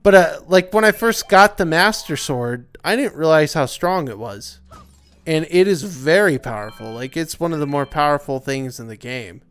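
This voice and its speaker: A man's voice: on the high side, animated, moderate pace, a bit bright, clear, resonant tone, faint music behind. A young man giving casual, rambling gameplay commentary, tired and yawning, with lots of filler words. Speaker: let's play commentator.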